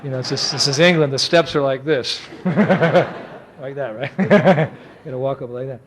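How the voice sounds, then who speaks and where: A man in his sixties, a monk giving a storytelling lecture, animated, acting out the people he quotes and chuckling often. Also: medium pitch, moderate pace.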